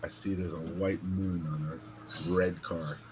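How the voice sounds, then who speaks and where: Podcast host, male, casual and animated, swears freely, faint hiss on the track. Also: low voice, measured pace. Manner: animated, swearing, acts out voices in stories. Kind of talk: casual storytelling chat.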